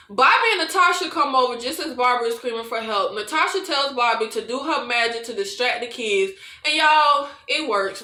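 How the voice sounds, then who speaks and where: A high, lively woman's voice, swinging up and down as she recaps an episode in disbelief. Her tone is bright and sharp, and she talks to her viewers like old friends. The sound bounces around an echoey room. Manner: animated, exasperated and incredulous, addresses viewers as y'all. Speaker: show recapper. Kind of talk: casual review and recap.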